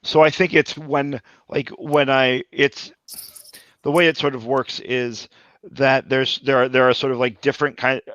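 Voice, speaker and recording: A man playing a tabletop role-playing game, talking in halting bursts with many restarts. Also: medium pitch, flat delivery, a bit bright, no echo, lo-fi sound. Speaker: player.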